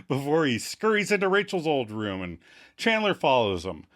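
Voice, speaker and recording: Animated man recapping scenes with voices. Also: mid-range voice. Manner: animated, reads out scenes and acts out the lines in quick voices. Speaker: podcast co-host recapping episodes. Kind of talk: casual podcast recap.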